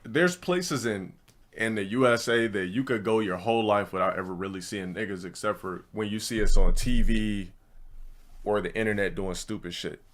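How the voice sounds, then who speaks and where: A man with a fairly low voice holds forth to his stream chat. He rambles through a story, blunt and profane, restarting and repeating himself as he goes. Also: moderate pace. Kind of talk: casual ranting monologue to a live chat.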